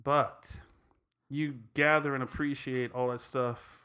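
A man's voice: mid-range voice, level tone, slow, bright, forceful tone, clear, resonant tone. A man with a Hawaiian Pidgin accent, co-hosting a podcast and chatting in a laid-back, rambling way. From Hawaii and Tennessee. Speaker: podcast co-host. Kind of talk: casual chat.

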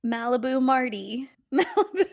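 A young woman co-hosting a podcast in casual chat, reacting to her friend's story, swearing freely and laughing loudly. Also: sits high, very animated, a little slow, creaky. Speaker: podcast co-host.

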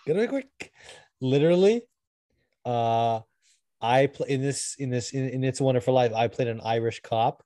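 A man's voice: medium pitch, moderate pace, warm tone, no room sound. A man co-hosting a podcast, telling stories loosely and swearing, while a bit sick. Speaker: podcast co-host. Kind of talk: casual podcast chat.

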